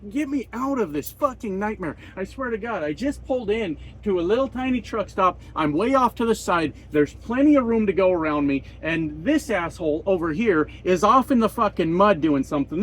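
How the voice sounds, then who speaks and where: A man's voice: sits high, expressive, moderate pace, hardly any pauses, slight background noise. A man ranting bluntly and sarcastically in a trucker vlog, swearing a lot, recorded in his parked truck cab at a truck stop. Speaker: trucker vlogger.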